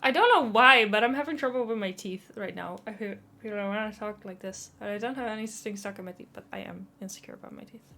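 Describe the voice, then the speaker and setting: Woman rambling on a live stream, reads chat out loud, kinda flustered. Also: medium pitch, fast, creaky, few pauses, a little hiss or hum. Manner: chatty, self-conscious, reads chat aloud.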